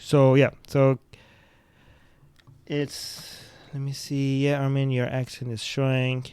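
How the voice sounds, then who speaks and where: A man's voice: medium pitch, completely flat delivery, takes it slowly, a little mellow, clear, resonant tone, dry recording. A man who speaks English as a second language hosts a podcast, giving blunt, profane commentary on the news and reading out viewer comments. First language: not English. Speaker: podcast host.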